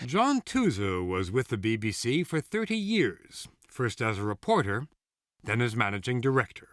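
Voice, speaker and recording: A man narrating a television news feature in a measured, expressive scripted read with wry asides. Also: mid-range voice, no room sound.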